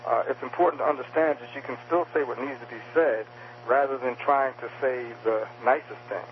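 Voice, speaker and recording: A man's voice: medium pitch, fairly even intonation, fairly quick, dull audio, slight background noise. A male author interviewed about his book, speaking with frequent fillers and restarts. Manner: hesitant, many fillers and restarts. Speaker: author guest.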